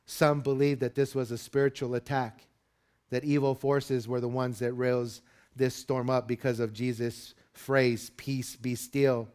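A man preaching a sermon in an earnest, expressive way. His voice sits at an ordinary middle pitch and rises when he stresses a point. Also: measured pace, clear, resonant tone. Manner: earnest preaching, rising loud and high when dramatizing the disciples. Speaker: pastor.

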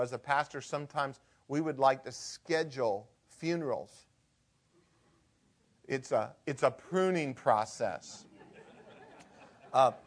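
A man preaching a sermon as pastor, shifting from hushed and conversational to loud and emphatic. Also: a little high.

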